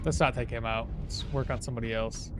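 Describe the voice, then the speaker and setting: A man's voice: mid-range voice, steady tone, fast talker, music in the background. A man streaming a game live, chatting casually and self-deprecatingly, reading chat aloud as he plays. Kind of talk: casual live gameplay commentary.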